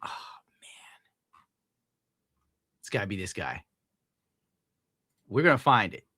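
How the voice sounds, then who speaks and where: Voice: low-pitched, very animated, slow, bright, forceful tone, no echo. A streamer giving casual, profane, mocking commentary while reacting to clips.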